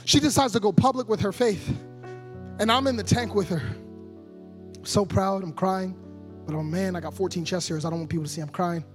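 A man preaching a sermon as a guest preacher, passionate and playful, moving from quiet storytelling to loud shouts. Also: high voice, brisk, long pauses, soft background music. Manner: playful, jokey asides.

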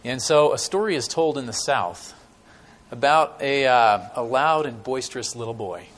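A man's voice: medium pitch, expressive, a bit bright. A conversational male preacher. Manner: conversational, many fillers, dramatic pauses. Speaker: guest preacher. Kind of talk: sermon with stories. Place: church.

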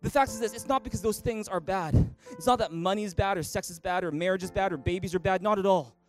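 A man's voice: sits high, fast talker, faint music behind. A man preaching as a pastor in a church, passionate and driving his points home with repeated rhetorical questions. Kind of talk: sermon.

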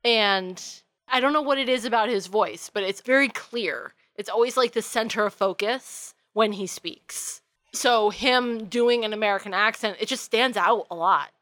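A woman's voice: on the high side, moderate pace, a bit bright, no room sound. A woman from New England co-hosting a casual movie review podcast, giving enthusiastic, opinionated takes and laughing often. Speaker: podcast co-host.

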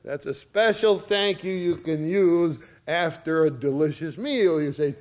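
Folksy storytelling pastor, slightly high voice. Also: male voice, unhurried, few pauses, a little mellow. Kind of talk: sermon.

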